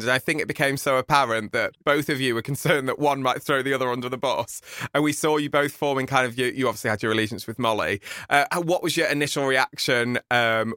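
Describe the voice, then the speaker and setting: Quick, bright-voiced male podcast host. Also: mid-range voice, dry recording, studio quality. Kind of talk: interview questions.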